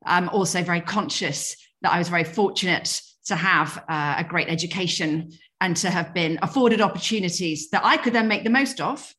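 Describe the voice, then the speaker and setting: A middle-aged woman with a light Yorkshire accent talks through an interview with a fairly low voice. She sounds earnest and measured, pausing on fillers and picking up her sentences again. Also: pushed and bright. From England. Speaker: guest. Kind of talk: reflective interview conversation.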